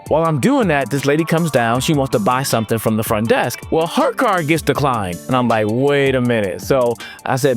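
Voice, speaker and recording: A man's voice: medium pitch, big pitch swings, fairly quick, hardly any pauses, soft background music. A man from California, a motivational speaker telling a story to students in a casual, playful way, sometimes slipping into a sing-song delivery.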